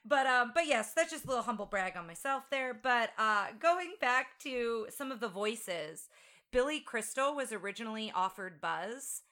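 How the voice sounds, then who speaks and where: Brief: woman podcast co-host, crisp bright tone, chatty trivia-sharer. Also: fairly high pitch, animated, moderate pace. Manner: chatty, fact-sharing, frequent fillers. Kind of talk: casual chat sharing movie trivia.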